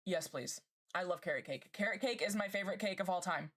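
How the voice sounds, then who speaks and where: A bubbly woman chats casually with her live viewers and laughs easily. Her voice sits fairly low. She gushes over whatever catches her eye. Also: a bit bright. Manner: bubbly, gushing, quick to laugh. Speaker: streamer.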